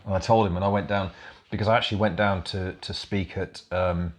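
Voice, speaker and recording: With a deep, steady voice and a fairly quick delivery, a middle-aged English man shares his experiences as a military veteran guest on a podcast. It's a casual storytelling chat, and his manner is blunt and darkly comic, with plenty of swearing.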